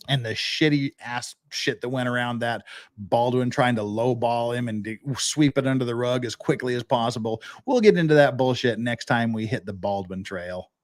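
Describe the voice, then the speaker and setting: A man hosting a live-stream legal commentary show, ranting in a profane, sarcastic and exasperated way. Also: medium pitch.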